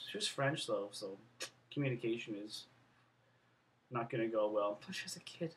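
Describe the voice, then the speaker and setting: A man telling a rambling, profane story as a vlogger, jumping between loud outbursts and low mutters. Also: moderate pace. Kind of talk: casual storytelling vlog. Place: Montreal.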